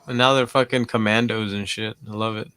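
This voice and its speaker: A man's voice: on the low side, fairly even intonation, fairly quick, bright, forceful tone, slight background noise. A man co-hosting a live movie watch-along, joking and swearing in casual chat. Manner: profane, jokey. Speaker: podcast co-host.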